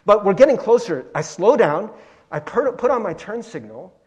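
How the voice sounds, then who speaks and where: A male pastor giving a conversational sermon, animated and chatty, peppering his talk with "like" and "right?". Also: high voice, moderate pace.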